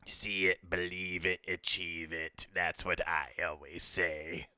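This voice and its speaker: A sinister old male emperor croaks out his words in a gravelly half-whisper, as a man puts him on for a laugh. The voice sits low and hushed, with a dry, close sound. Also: level tone, slow, dry recording, exaggerated voice. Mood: gloating. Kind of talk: comic impression on a podcast.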